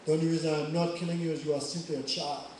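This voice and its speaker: A furious, boastful warrior sage shouts his threats, as a male storyteller puts him on. The voice sits a little high and booms through a very echoey hall, heard from well away from the mic. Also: little pitch movement, racing, distant mic, slight background noise, lightly acted.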